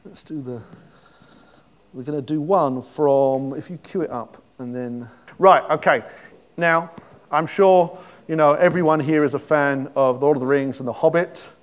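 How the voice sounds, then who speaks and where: A man's voice: a little high, a little slow. A man giving an informal sermon, chatty and joking, with many restarts. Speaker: preacher.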